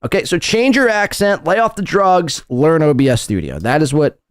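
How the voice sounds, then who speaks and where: Podcast host guy, snarky and crude, bouncy lively pitch, dead dry sound. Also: moderate pace, clear, resonant tone, dry recording. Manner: sarcastic, crude. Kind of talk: mocking commentary.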